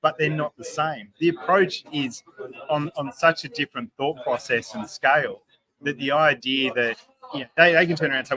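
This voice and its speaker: A man's voice: on the high side, moderate pace, pushed and bright, poor audio. An Australian man, a craft distiller, explaining in an emphatic, chatty way with the odd swear word, recorded at a distillery bar. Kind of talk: casual podcast chat.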